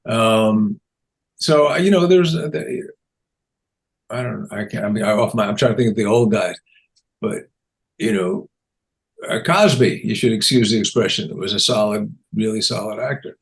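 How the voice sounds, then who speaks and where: Man telling stories, animated and chatty. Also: lowish voice, normal speed, gravelly, pauses often. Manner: animated, acts out quotes in raised voices, laughs often. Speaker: guest comedian. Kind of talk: casual interview storytelling.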